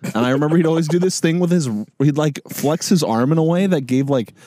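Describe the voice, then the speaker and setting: A man's voice: fairly high pitch, fast talker, dark tone, no echo. A man co-hosting a podcast, rambling through a self-mocking anecdote in casual chat. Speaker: podcast co-host.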